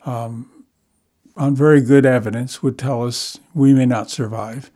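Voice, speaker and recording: A man with a mid-pitched, mellow voice speaks in a measured way. He reflects at length and builds his thoughts step by step in a relaxed conversation.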